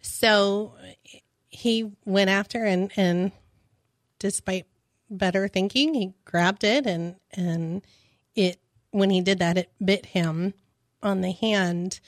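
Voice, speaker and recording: A woman, a parent, telling her story on a radio talk show, hesitant and halting with many restarts. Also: medium pitch, fairly even intonation, no room sound, studio quality. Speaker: guest, parent.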